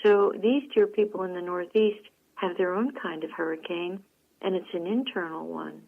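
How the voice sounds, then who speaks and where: A woman hosting a radio talk show, telling stories to listeners in a folksy, animated way. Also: on the low side, moderate pace, creaky, narrow, tinny audio. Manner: folksy, animated storytelling with frequent laughs. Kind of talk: chatty monologue to listeners.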